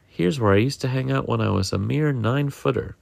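A man's voice: medium pitch, fairly quick, creaky, darkish tone, dry recording, pitched above the performer's own voice. A man reading a storybook and voicing a big, friendly, proud male shark in a hearty tone. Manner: hearty, calls everyone mates.

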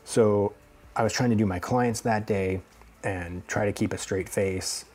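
A man's voice: fairly low pitch, steady tone, measured pace, a little mellow, slight background noise. A man from the Pacific Northwest telling a personal story casually, rambling and swearing now and then. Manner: rambling, many fillers and restarts, casual swearing. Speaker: hairstylist telling his story.

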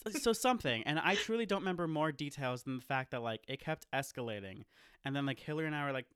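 A man's voice: on the high side, expressive, quick pace, a bit bright, clear, resonant tone, no room sound, studio quality. A man hosting a podcast who tells stories in a rambling, casual way, full of fillers and laughs. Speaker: podcast host. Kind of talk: casual storytelling chat.

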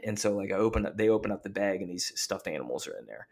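A man's voice: on the low side, sing-song, fast talker, hardly any pauses. A middle-aged man telling family stories in a casual chat, rambling with many fillers.

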